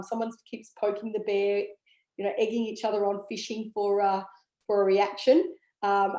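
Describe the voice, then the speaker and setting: A woman's voice: medium pitch, dark tone. A woman giving a casual, enthusiastic talk about essential oils, chatty with many ums and okays. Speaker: essential oil educator. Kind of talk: casual product talk to camera. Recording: echoey room.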